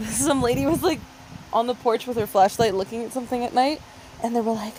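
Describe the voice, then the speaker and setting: A woman's voice: a little high, moderate pace, darkish tone, slight background noise, rough recording. A woman co-hosting a casual podcast, talking bluntly and with exasperation, with lots of swearing. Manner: profane, blunt, exasperated ranting. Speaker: podcast co-host. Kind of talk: casual chat.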